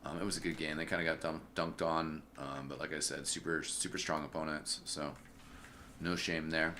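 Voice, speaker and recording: A deep-voiced man casts a video game match from his home streaming setup, speaking in a loose, chatty way full of fillers and shout-outs to chat. His tone is bright and forward despite the low pitch, and soft keyboard clicks sit faintly behind him. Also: moderate pace, slight background noise. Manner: relaxed, chatty, filler-heavy, greets chat viewers. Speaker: esports caster and streamer. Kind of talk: casual solo game commentary.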